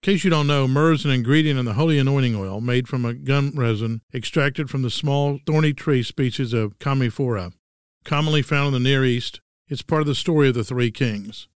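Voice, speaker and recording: A man in his sixties speaks with a Texan accent, delivering a scripted solo monologue with dry, wry humor. His voice is smooth and resonant at an ordinary pitch, recorded dry with no room sound. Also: brisk, dry recording. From Texas. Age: 60s. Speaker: host.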